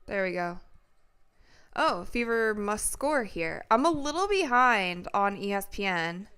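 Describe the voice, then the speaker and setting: Young woman streamer, chatty and reactive, clean smooth tone, mid pitch. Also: a little slow. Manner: chatty, reacts excitedly, reads chat aloud. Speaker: livestream host. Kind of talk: casual play-by-play watch party commentary.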